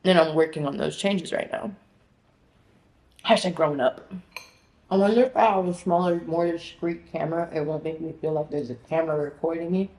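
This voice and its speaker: A woman's voice: low voice, fairly even intonation, a little fast, a little mellow. Scattered young woman vlogging, echoey room. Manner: scattered, frantic, swearing, many fillers. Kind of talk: casual rambling vlog. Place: apartment. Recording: echoey room with faint noise.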